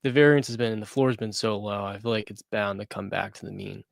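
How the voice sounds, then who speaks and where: A man on a sports panel, talking in a quick, defensive, analytical way. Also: on the low side, creaky, no echo, studio quality. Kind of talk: casual sports debate.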